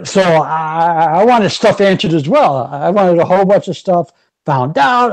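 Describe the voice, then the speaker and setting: A man with a notably high voice hosting a loose podcast conversation. He talks excitedly, piling on "you know" fillers. The sound is close and dry, with no room echo. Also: normal speed, creaky. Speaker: podcast host. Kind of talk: casual podcast chat.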